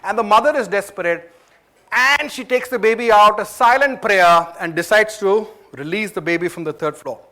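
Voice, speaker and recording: A man's voice: high-pitched, moderate pace, bright, forceful tone. A man from India with an Indian English accent, giving a motivational talk at a management training event. He tells a story in a chatty way and asks the audience questions.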